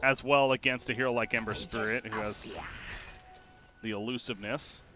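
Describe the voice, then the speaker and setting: A man giving live play-by-play commentary on a video game match, his pitch and volume surging during the fights. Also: fairly even intonation, moderate pace, music in the background. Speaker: esports caster. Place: home streaming setup.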